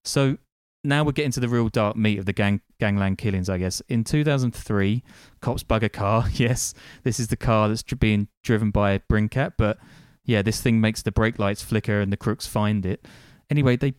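A podcast host tells a story in a casual, wry way, dropping dry asides between frequent ums. His voice sits fairly low and sounds smooth and resonant. The sound is dry and close. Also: normal speed, few pauses, dry recording.

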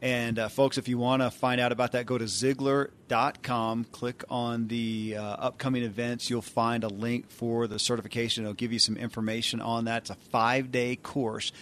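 A man's voice: medium pitch, level tone, normal speed, few pauses, a bit bright, slight background noise. Man plugging an event on a podcast. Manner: conversational, with frequent uh fillers. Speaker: podcast co-host. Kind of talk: promotional podcast chat.

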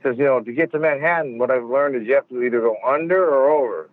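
A man's voice: medium pitch, fast, no room sound. A man telling stories as an interview guest over the phone from a car, swearing a lot and rambling with many fillers. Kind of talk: storytelling interview. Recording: tinny phone line.

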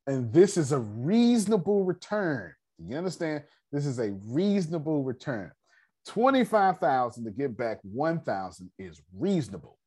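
A man hosting a casual personal finance class on a video call, slangy and animated, talking straight to his group. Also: mid-range voice, moderate pace, husky.

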